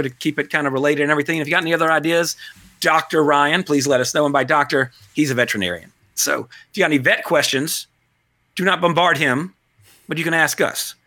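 A man's voice: on the high side, pushed and bright, no echo. A man hosting a podcast in casual, rambling chat, joking at his own expense. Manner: rambling, self-deprecating, joking. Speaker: podcast host.

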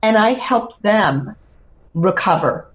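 A woman's voice: mid-range voice, animated, takes it slowly. An older woman, a podcast guest, telling her personal story in an earnest, heartfelt way, close to tears at times.

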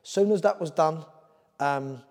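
A man's voice: a little high, slow, darkish tone, big-room sound. Earnest Cockney-accented man, rambling. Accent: London Cockney. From Ireland. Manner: rambling, earnest, drifts off topic. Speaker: former boxer, guest. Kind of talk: candid podcast interview.

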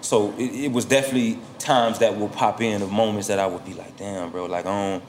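Laid-back low-voiced man rapping about his past. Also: steady tone, quick pace, slight background noise. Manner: laid-back, slangy, rambling with fillers. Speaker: rapper guest. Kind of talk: casual interview talk.

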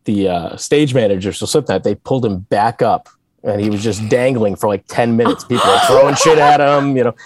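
A man's voice: medium pitch, fairly quick, dry recording. A man who is a musician, guesting on a podcast and telling tour stories casually with frequent laughs. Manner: animated, laughing storyteller.

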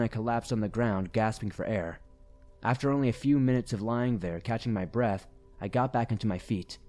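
A man reading a first-person horror story aloud in a steady, grave storytelling manner. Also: fairly low pitch. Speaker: narrator. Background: faint music.

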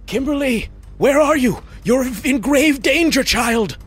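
A man's voice: a little high, a little slow, a bit bright, breathy edge, soft background music, full character voice. A man voicing a crazed, wounded, disheveled stranger who murmurs and rambles frantically. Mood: frantic.

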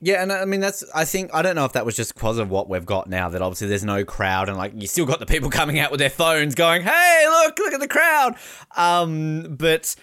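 A man hosting a casual chat, joking and animated, laughing often as he talks. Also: fairly high pitch, brisk, few pauses, dry recording, clean studio sound. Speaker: podcast host.

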